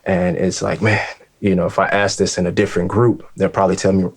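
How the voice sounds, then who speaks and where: A man with a very low, deep voice hosts a sit-down discussion. He talks earnestly and haltingly, restarting his sentences as he goes. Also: flat delivery. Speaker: host. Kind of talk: casual discussion.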